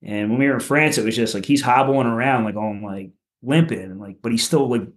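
A man from Philadelphia, a punk rock musician, telling loose, profane stories on a podcast, with lots of filler and a voice that jumps higher at the funny parts. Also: a little fast. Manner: loose and profane, with many "like"s and "you know"s; animated, goes higher when telling funny bits. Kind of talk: casual podcast storytelling.

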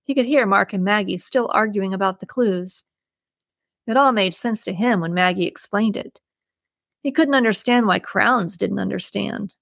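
A woman narrating a novel aloud in a steady storytelling manner. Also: mid-range voice, normal speed, creaky, dry recording. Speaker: audiobook narrator. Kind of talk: scripted narration.

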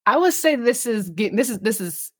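A woman's voice: fairly high pitch, expressive, moderate pace, breathy edge, no room sound. A woman from California hosting a podcast, talking reflectively with many "you know" fillers and addressing listeners directly. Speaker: podcast host. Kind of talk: casual conversation on mental health.

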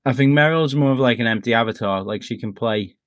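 A man's voice: medium pitch, fast talker, no echo. A man hosting a podcast in casual chat, with a dry, teasing manner. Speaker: podcast host.

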